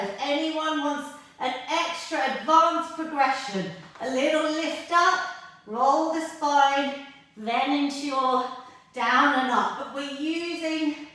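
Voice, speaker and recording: A high-voiced woman leads an ab workout, unhurried and encouraging even while out of breath. Her voice carries a strong echo, picked up from a distance across a bare room. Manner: encouraging, coaching through exercises. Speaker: fitness instructor. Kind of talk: workout class instruction. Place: exercise space, on a mat. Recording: echoey room, voice from far off mic.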